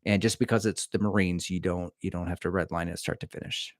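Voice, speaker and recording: A middle-aged man hosts a casual livestream, rambling through viewer comments with an easygoing, jokey manner. His voice sits on the low side, and the sound is dry and close with little room around it. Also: fairly even intonation, brisk, dry recording. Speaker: livestream host answering chat. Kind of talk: casual live-stream chat.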